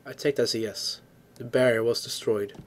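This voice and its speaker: A man's voice: medium pitch, fairly even intonation, fairly quick, slight background noise. Man reacting during a playthrough. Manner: reactive, surprised exclamations. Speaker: gaming video host. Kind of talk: let's play commentary.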